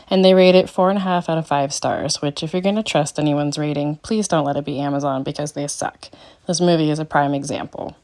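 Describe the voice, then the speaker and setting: A middle-aged woman who hosts a podcast recaps a bad movie with snarky, mocking commentary. Her voice has a darkish tone, and it leaps suddenly high whenever she lands a joke.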